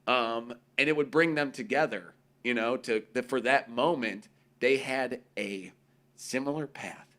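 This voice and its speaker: Male co-host, casual and profane storyteller, middle pitch. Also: unhurried, bright, forceful tone. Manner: profane, storytelling, acts out quoted voices. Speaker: podcast co-host. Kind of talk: casual chat.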